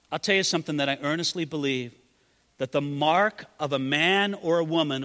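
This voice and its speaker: Male pastor, sermon, high pitch, dramatic delivery, reverberant hall. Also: pushed and bright. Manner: dramatic, acts out quoted prayers in a raised voice.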